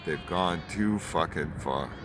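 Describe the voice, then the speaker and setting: A man's voice: low voice, slow pace, music in the background. A man in his late twenties giving a heated, swearing rant, repeating himself as he goes. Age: 20s. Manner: heated, repetitive, swears often. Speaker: vlogger. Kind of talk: angry profane rant. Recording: outdoor traffic noise.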